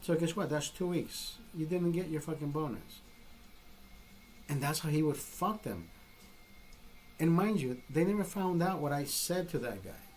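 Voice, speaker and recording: A man's voice: fairly high pitch, animated, a little slow, long pauses, darkish tone, low-quality recording. A man telling a story in a casual, profane rant, emphatic and retelling exchanges as dialogue. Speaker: vlogger.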